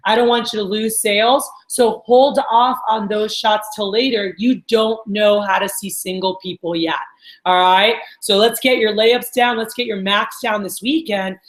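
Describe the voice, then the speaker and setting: A woman's voice: medium pitch, steady tone, a little slow, echoey room, poor audio. A woman training a sales team, talking in an upbeat coaching way and often checking in with her listeners. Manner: upbeat, coaching, lots of "all right?" check-ins. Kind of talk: training talk to a group.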